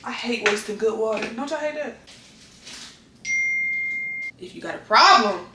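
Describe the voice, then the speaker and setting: Here a young woman chats openly with viewers in a casual vlog recorded at home in a large indoor space. Her voice sits on the high side and sounds animated, though she talks a little slowly over heavy background noise. Captured on a far-off mic, the audio echoes around the room.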